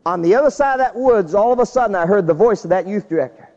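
A man's voice: high voice, fast. A man preaching a storytelling sermon, acting out the people in his tale. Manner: animated, acts out the people in his stories. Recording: dull recording with long hall reverb.

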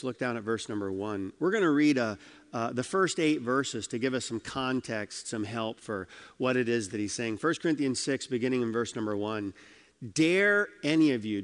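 A man's voice: mid-range voice, long reverb tail. A man preaching a sermon, reading scripture aloud and pressing the congregation with questions. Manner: emphatic, asks the congregation questions. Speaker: pastor.

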